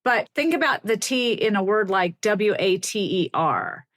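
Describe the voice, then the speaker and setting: A middle-aged woman speaks as an invited linguist on a podcast. She explains her points in an animated, engaged way and laughs easily along the way. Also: mid-range voice, measured pace. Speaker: guest linguist and author.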